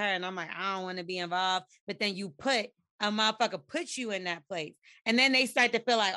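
A woman's voice: medium pitch, steady tone, fairly quick, few pauses, bright, forceful tone, dry recording, clean studio sound. A woman co-hosting a podcast in casual chat, blunt and profane, acting out quoted conversations with animation. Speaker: podcast co-host.

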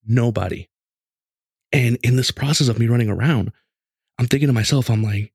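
A man in his late twenties casually telling a story in a lively, conversational way, with lots of restarts. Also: mid-range voice, normal speed, pauses often, husky, no echo, studio quality. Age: late 20s.

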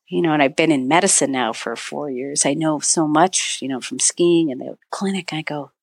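Here a middle-aged author and avalanche dog handler from northern Michigan tells a search-and-rescue story as a podcast guest. Her low-pitched voice has a breathy edge, moves at normal speed with few pauses, and there's no room sound; she acts out quoted dialogue and says "you know" often in this storytelling interview.

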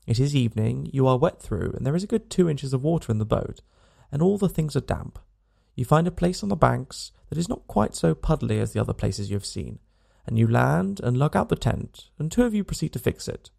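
Gravelly, mellow male audiobook narrator. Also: medium pitch, big pitch swings, a little fast. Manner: dry, wry storytelling. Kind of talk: scripted narration of a comic novel.

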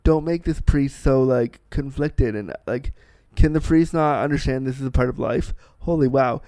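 A man's voice: medium pitch, moderate pace, dark tone, no room sound. A man in his thirties giving a candid, casual film review, blunt and profane, with self-deprecating asides.

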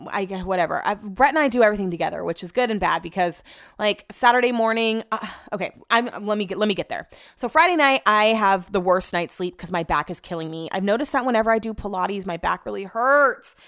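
A young woman tells a long, meandering story in an easy, conversational way, dotted with likes and self-corrections. Her voice sits at a middling pitch for a woman. The sound is close and dry, with no room echo, recorded in her home office. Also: lively intonation, fairly quick, a bit bright. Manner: chatty, rambling with many likes and restarts. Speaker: vlogger. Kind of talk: casual storytelling.

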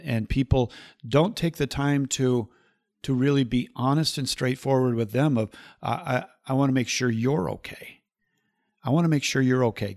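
A man with a gravelly, mid-pitched voice speaks as a podcast host, earnest and pastoral. He repeats his key phrases and moves from advice into prayer. The sound is dry and close. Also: no room sound.

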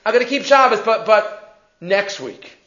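A man's voice: high voice, animated, moderate pace, bright, forceful tone. A man doing a wealthy man who keeps bargaining. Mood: pleading. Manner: bargaining, insistent. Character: wealthy man pleading for one more week. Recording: echoey dull recording.

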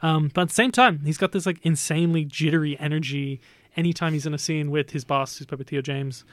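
A young man chatting casually about films on a podcast, animated and laughing often. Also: on the high side, fast talker, dry recording, clean studio sound. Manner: animated, laughs often, acts out movie lines. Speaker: podcast co-host. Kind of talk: casual film podcast chat.

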